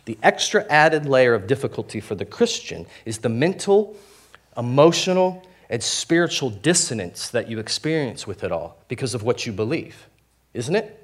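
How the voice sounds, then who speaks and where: Young male pastor, casual sermon delivery, candid and self-deprecating, mid-pitched voice. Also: big pitch swings, moderate pace. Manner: candid, self-deprecating, full of fillers and restarts. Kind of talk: conversational sermon.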